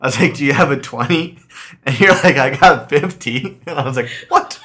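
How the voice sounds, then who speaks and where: A man's voice: medium pitch, fairly quick, pushed and bright. A man in his late twenties chatting casually on a podcast, teasing his co-host in a laid-back way. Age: 20s. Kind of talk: casual chat.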